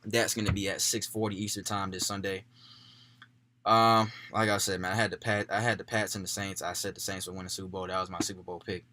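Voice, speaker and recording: A young man casually talking through his football playoff picks for his channel. He keeps things laid-back, drops "man" into most sentences, and gets louder and more worked up when he backs a pick. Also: sits low, flat delivery, fast, a little hiss or hum. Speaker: sports YouTuber.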